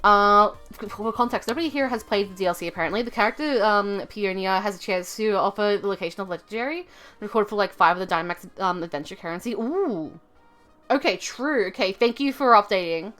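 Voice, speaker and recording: A young woman livestreaming from home, telling a rambling story full of fillers and self-corrections in a chatty, expressive way. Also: medium pitch, brisk, faint music behind. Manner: chatty and expressive, laughing at her own story. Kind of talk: casual livestream chat.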